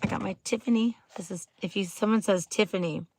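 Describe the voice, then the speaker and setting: A woman's voice: medium pitch, fairly quick, darkish tone, no room sound. A woman hosting a casual live stream, chatting to viewers in a bubbly way, full of "like" fillers and greetings. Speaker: livestream host.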